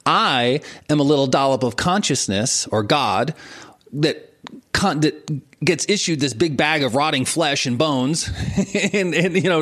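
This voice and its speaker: Chuckling man explaining breath work. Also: mid-range voice. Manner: relaxed, chuckles often, repeats words while thinking. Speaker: entrepreneur coach and teacher. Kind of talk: conversational explaining.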